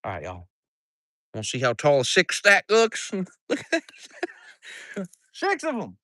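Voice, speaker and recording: A farmer man rambles and jokes to his livestream chat outdoors, swearing freely. His pitch swings widely as he talks. The sound is dry and close. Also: huge pitch swings, unhurried, sharp tone, no echo. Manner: profane, joking and rambling. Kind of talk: casual livestream chat while doing farm chores. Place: outdoors on a farm.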